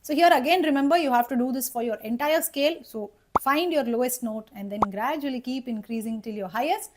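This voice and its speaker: Woman voice teacher, fairly high pitch, step-by-step instructional delivery. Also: a little hiss or hum. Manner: checks in with "okay?" and "right?"; explains patiently, step by step. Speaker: voice coach. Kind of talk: instructional singing lesson.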